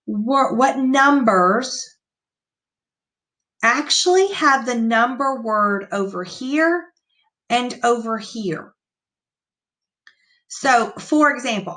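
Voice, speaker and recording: A woman teacher giving an online reading lesson to young children, reading sentences aloud slowly and patiently. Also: on the high side, sharp tone. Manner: slow, clear, patient read-aloud.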